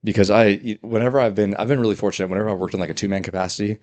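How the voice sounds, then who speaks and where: Man, very low pitch, rapid speech, police officer guest, dry deadpan jokes, casual chat. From California. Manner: fast, dry deadpan humor.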